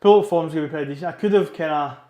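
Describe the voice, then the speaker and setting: A man's voice: fairly high pitch, very fast, roomy sound. A Scottish man talking casually while he trains in a gym and answers viewers' questions on his live stream. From Scotland. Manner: relaxed, chatty, says "wee" a lot, reads and answers chat questions.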